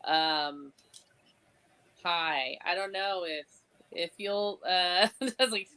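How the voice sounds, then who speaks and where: A woman co-hosting a podcast in casual chat, agreeable and quick with short responses. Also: lowish voice, bright, forceful tone, smooth. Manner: agreeable, chiming in with quick backchannels. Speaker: podcast co-host.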